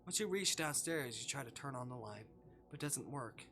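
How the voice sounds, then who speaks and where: A streamer reading a visual novel aloud live, reading out the choices and swearing loudly in reaction. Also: medium pitch, animated, normal speed, a little hiss or hum.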